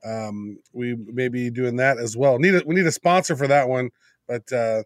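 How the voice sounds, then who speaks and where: A man's voice: mid-range voice, no room sound, clean studio sound. A man guesting on a podcast, talking casually and teasing his co-host as he tells of upcoming trips. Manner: quick, teasing storyteller.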